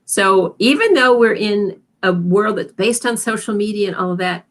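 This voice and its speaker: Animated female career coach. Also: mid-range voice, moderate pace. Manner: animated, acts out example phrases. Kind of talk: interview conversation.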